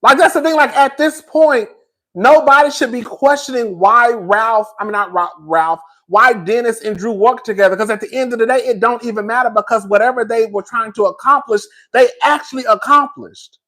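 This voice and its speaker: A man's voice: very high voice, normal speed, pushed and bright. A man giving a casual, opinionated review of a reality show, sassy and blunt, calling his viewers girl and baby. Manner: blunt, swears freely. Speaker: reality TV commentator.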